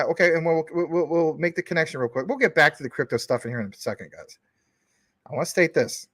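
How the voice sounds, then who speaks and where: A male livestream host rambles and jokes with his viewers from his couch, teasing commenters as he goes. His voice sits a touch high. The sound is dry and close, with no room echo. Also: fairly bright tone. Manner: rambling, jokey, teases commenters. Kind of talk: casual chat to viewers. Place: home couch.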